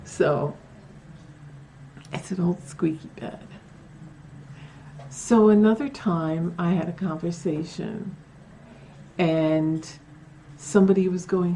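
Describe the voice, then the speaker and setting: A woman's voice: lowish voice, takes it slowly, long pauses, dark tone, a little hiss or hum. A woman telling her own paranormal stories at home in a casual, chatty way, with many fillers and acted-out quotes. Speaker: paranormal vlogger. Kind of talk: casual storytelling to camera. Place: at home, near a bedroom.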